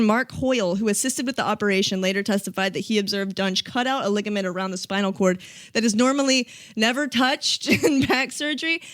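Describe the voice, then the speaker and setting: A woman's voice: a little high, dry recording. A woman co-hosting a podcast, casually reading out a story from her notes with lots of ums and laughs. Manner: reads facts with frequent ums and laughs. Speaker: podcast co-host telling the story.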